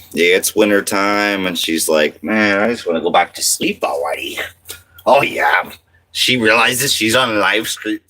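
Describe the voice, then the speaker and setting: Deep-voiced laid-back man livestreaming. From French Canada. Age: 30s. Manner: relaxed, rambling, reads comments aloud. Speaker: livestream host. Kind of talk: casual livestream chat.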